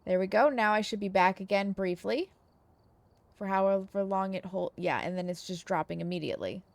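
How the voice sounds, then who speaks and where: A woman's voice: mid-range voice, brisk, creaky, no room sound. A woman streamer talking casually to her viewers, frustrated and venting, with some swearing.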